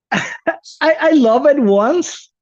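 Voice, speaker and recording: A man from South America co-hosting a podcast in casual chat, animated and laughing, swearing casually. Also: very high-pitched, extremely slow, highs cut off. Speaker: podcast co-host.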